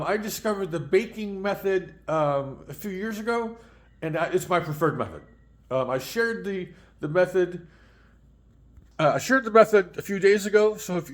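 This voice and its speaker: A man hosting a casual home cooking vlog, chatty and rambling with frequent ums and restarts. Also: high voice. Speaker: home cooking show host.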